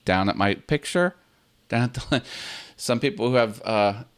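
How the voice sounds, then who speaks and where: A man hosting his own channel, giving casual on-camera tips in a relaxed, chatty way, recorded on his computer's built-in webcam in a home set. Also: mid-range voice, normal speed, clear, resonant tone. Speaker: YouTube channel host. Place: home set with stuffed animals and video games.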